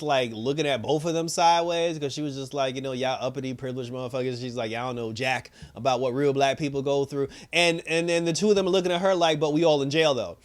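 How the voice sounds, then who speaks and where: A man giving a casual, rambling recap of a TV episode. He fills his talk with "you know" and "like", laughs often and acts out the characters' lines. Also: mid-range voice. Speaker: TV review host.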